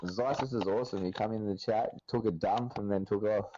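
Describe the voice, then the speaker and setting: Male chat host, low dark voice, loose rambling delivery, dull lo-fi audio. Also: steady tone, a little fast, slight background noise. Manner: rambling, laughing, swears casually. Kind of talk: casual voice chat.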